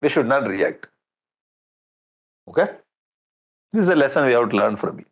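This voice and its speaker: A man with an Indian English accent giving a lively spiritual discourse, jovial and often chuckling as he acts out scenes. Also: medium pitch, normal speed. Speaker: swami giving a scripture discourse.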